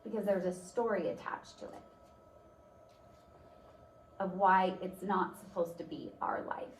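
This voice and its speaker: A woman's voice: lowish voice, unhurried. A woman giving a motivational talk, telling a personal story in a conversational way with many fillers. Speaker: speaker. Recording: roomy, distant mic, faint noise.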